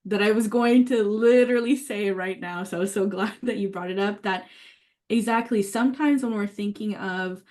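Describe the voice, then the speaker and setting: A woman's voice: mid-range voice, moderate pace, darkish tone. A woman leading a writing workshop, talking enthusiastically and thinking aloud with many fillers and restarts. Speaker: workshop leader.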